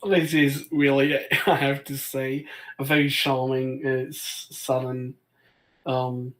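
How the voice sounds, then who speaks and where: A man's voice: medium pitch, little pitch movement, slow, a bit bright, rough recording. A man playing in a tabletop game, chatting casually, hesitant, with stammered restarts and easy laughs. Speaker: player. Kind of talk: casual chat.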